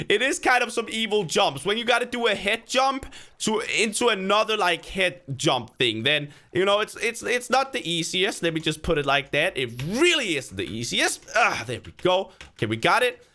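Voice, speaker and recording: A gaming video creator narrates a let's-play session loosely and chattily, talking to himself and cheering himself on. His voice sits high, bright and forward, swinging widely in pitch, and now and then erupts into loud yelps of frustration or triumph.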